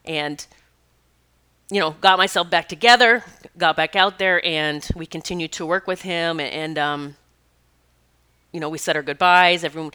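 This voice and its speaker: A woman tells a personal story in a loose, earnest way, often stopping to correct herself. Her voice is bright and tense at the edges, smooth and crisp. She speaks as an animal communicator and Reiki practitioner. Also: lowish voice. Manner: rambling, self-correcting, earnest.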